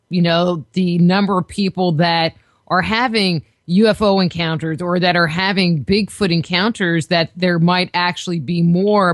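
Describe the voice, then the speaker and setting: A woman's voice: on the low side, no room sound. A woman hosting a radio interview, asking long, rambling questions full of filler phrases. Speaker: radio show host.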